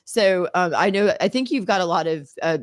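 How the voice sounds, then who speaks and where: A woman's voice: fairly low pitch, normal speed, dry recording. A middle-aged American woman, an attorney, chatting casually on a podcast, rambling with many fillers and frequent laughs. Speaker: attorney and author, podcast regular.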